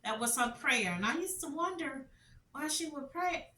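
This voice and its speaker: A woman's voice: high voice, animated, normal speed, pushed and bright, far from the mic, slight background noise. Passionate woman in an echoey room. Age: middle-aged. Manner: passionate, repeats phrases, rhetorical questions. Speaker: commentary vlogger. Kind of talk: emotional storytelling commentary.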